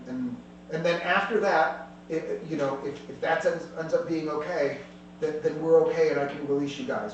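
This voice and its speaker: A man's voice: mid-range voice, highs cut off, close to an everyday voice. Man playing a stammering, frightened merchant. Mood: pleading. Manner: stammering, pleading. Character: panicked male merchant smuggler, stammering and tearful. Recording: distant echoey room with faint noise.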